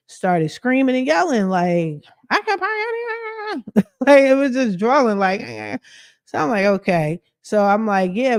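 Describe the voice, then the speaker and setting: A woman's voice: on the low side, a little mellow, dry recording, studio quality. A woman, a credit expert, livestreaming from her living room at home and chatting animatedly as she multitasks through a story.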